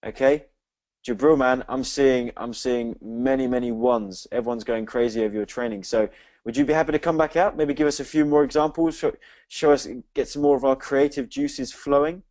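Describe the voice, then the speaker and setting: A man's voice: mid-range voice, steady tone, normal speed, a little mellow, dry recording. An English man co-hosting a live webinar, upbeat and reading out names from the chat. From England. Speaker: webinar co-host.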